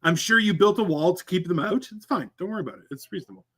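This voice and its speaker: A man from Canada co-hosting a casual show, teasing and trailing off into quiet asides. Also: sits high, animated, rapid-fire, a crowd in the background. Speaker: cooking show co-host. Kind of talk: casual banter.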